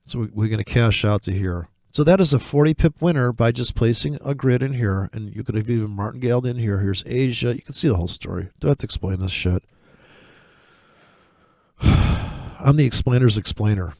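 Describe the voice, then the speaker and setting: A man's voice: mid-range voice, moderate pace, vocal fry, dry recording. Profane rambling man talking charts. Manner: profane, rambling, excitable, mocking asides. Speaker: forex trading vlogger. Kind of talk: casual screen-share chart commentary.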